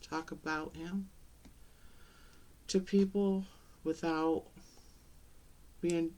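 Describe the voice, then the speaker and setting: A middle-aged woman talking to the camera in a personal vlog, halting and tearful, with many pauses and restarts. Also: on the low side, steady tone, dark tone. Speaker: vlogger.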